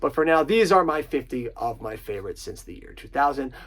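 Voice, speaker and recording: A man's voice: mid-range voice, animated, a little fast, fairly bright tone, rough recording. A man hosting a casual movie countdown, swearing often and gushing about his favorite comedies. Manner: profane, enthusiastic, quotes lines in put-on voices. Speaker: host.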